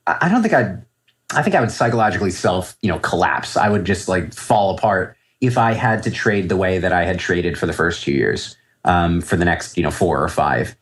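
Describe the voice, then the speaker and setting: A man in his thirties, a trader answering interview questions in a loose, rambling way, often restarting his sentences as he thinks aloud. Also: fairly low pitch. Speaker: trader, podcast guest. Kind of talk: casual interview talk.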